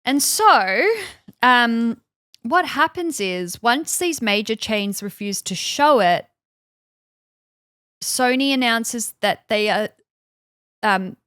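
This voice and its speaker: A woman's voice: on the high side, expressive, slow, long pauses, fairly bright tone, clear, resonant tone, dry recording, studio quality. A woman co-hosting a podcast, telling a story in casual chat, full of fillers and little acted-out quotes. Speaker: podcast co-host. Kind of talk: casual chat, recounting events.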